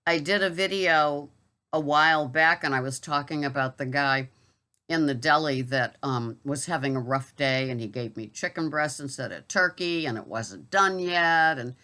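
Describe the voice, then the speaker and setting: A woman's voice: deep voice, normal speed, pushed and bright. A middle-aged woman who works as a grocery delivery shopper, talking in a chatty, rambling vlog monologue full of asides and fillers.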